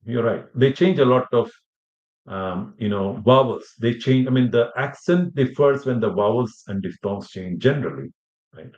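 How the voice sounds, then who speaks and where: A man's voice: medium pitch, moderate pace, a little mellow. A man giving a classroom lecture, rambling with many fillers and restarts and checking in with his students. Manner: addresses students with questions. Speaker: language teacher. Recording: echoey room, muffled sound.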